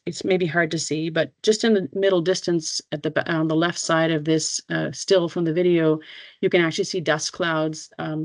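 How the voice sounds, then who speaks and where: Halting speaker at a dry mic. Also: medium pitch, dry recording. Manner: halting, with many fillers and restarts. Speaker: keynote speaker. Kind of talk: technical conference talk.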